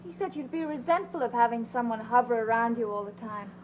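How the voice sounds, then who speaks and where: An actress playing a kind young caretaker who soothes and reassures. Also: female voice, fairly high pitch, lively intonation, fairly quick, dull audio, a little hiss or hum, close to an everyday voice. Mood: concerned. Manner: soothing, concerned. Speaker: caretaker friend.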